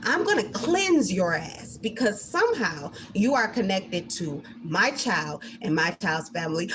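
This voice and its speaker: A woman's voice: mid-range voice, lively intonation, moderate pace, slight background noise. A woman giving a spiritual card reading in a casual monologue, emphatic and heavily profane. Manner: emphatic and heavily profane, swinging between intense and laughing.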